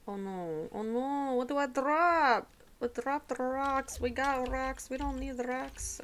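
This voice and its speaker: A woman streaming a video game from home, chatting casually with a giggly manner and dipping into soft, whispery asides. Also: high voice, a little slow, faint music behind. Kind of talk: casual gameplay commentary.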